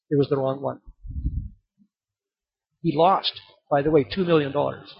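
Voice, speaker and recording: A very husky, raspy male pastor, delivering a sermon in a somewhat high voice. He tells a story and then urges the congregation on at full volume. The recording is dull and muffled. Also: steady tone, a little slow. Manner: storytelling, building to loud exhortation.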